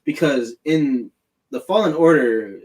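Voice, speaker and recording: A man's voice: slow pace, husky. A man chatting casually about a film on a podcast, swearing freely, laughing often and acting out lines in a raised voice. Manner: animated, laughs often, acts out characters in high voices. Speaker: podcast co-host. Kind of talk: casual profane chat.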